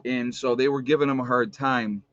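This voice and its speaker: A man's voice: fairly even intonation, moderate pace, fairly bright tone, no room sound, lo-fi sound. An American man chatting casually in a rambling livestream, full of fillers and restarts. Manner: high baby talk to his dogs. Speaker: vlogger.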